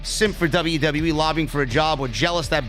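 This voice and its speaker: With soft music playing behind him, a man on the high side of pitch talks fairly quickly in a slightly bright voice. He runs a live wrestling review stream, chatting profanely and casually while reading out donor super chats.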